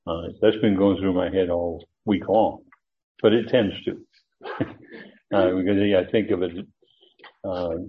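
A man preaching an expository sermon, explaining Greek grammar with frequent fillers and rising emphasis. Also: on the low side. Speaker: preacher teaching Bible study. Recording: tinny phone-like line.

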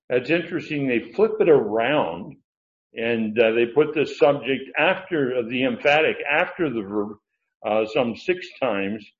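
A man preaching a sermon, teaching from his notes with emphatic pauses and frequent filler words. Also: mid-range voice. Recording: dull, echoey room sound.

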